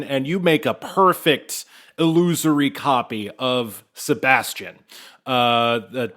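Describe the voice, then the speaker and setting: A man's voice: a little high, fairly bright tone, clean tone. A man narrating as game master in a tabletop game, loose and conversational with frequent fillers.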